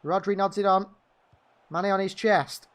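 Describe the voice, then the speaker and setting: A man's voice: high voice, steady tone, unhurried. A man giving partisan live fan commentary on a football match, calling the play and venting at the referee. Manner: partisan, indignant outbursts at the referee.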